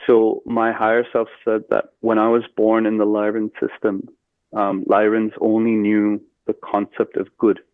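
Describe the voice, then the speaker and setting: A man telling a personal story as a podcast guest, earnest and steady with fillers. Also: fairly low pitch, measured pace, no echo. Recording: tinny phone-like line, dry.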